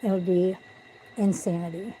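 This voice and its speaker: A woman's voice: fairly low pitch, fairly even intonation, normal speed, dark tone, slight background noise, rough recording. A woman on a casual livestream at home, venting bluntly and with swearing about corruption. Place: at home with pets.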